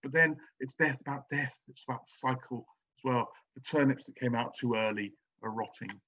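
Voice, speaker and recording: A man giving an academic lecture on poetry, pausing often with ums and restarting his sentences. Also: mid-range voice, fairly bright tone, highs cut off. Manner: hesitant, many ums and restarts.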